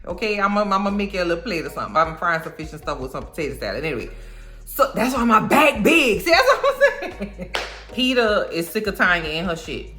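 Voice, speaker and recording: A woman's voice: on the low side, fast. A woman hosting a reaction video who gives casual commentary and rants emphatically, with plenty of slang. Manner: animated, emphatic ranting with slang.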